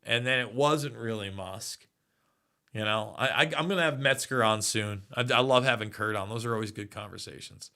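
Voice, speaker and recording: A man's voice: on the low side, normal speed, creaky, sharp tone. A man in his forties hosting a casual livestream, rambling and reading viewer comments aloud. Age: 40s. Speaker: livestream host. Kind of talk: casual live chat.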